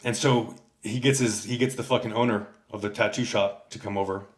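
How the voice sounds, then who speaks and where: A man's voice: fairly low pitch, steady tone, a little fast. A man livestreaming a casual rant, telling stories in a rambling, heavily profane way and answering his chat. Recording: echoey room.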